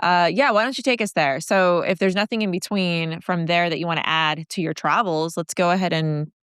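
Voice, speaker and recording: A woman hosts an interview and gently prompts her guest with questions. Her voice is low and smooth. The sound is dry and close. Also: fairly quick, dry recording. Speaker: channel host, interviewer. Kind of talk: interview conversation.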